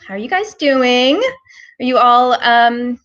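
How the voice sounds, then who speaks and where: A woman's voice: fairly high pitch, fairly even intonation, takes it slowly, a bit bright. Woman streamer, chatty tutorial host, talks straight to viewers, a bit dull lo-fi sound. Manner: chatty, filler-heavy, talks to viewers as "guys". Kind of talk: casual live-stream hair tutorial.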